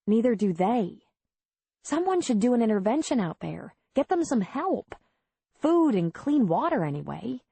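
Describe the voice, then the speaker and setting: Earnest frank midwife lady, as the reader puts her on, husky gravelly voice, dry. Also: on the high side, big pitch swings, measured pace, warm tone, no room sound, voice pushed up, exaggerated voice. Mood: troubled. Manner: earnest, candid. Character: frank widowed city midwife, shaken.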